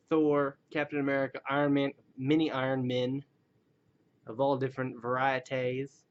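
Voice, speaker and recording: A man rambling casually through a webcam video reviewing toys, self-deprecating and slipping into joke voices. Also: medium pitch. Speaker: action figure collector reviewing toys. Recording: dull lo-fi recording.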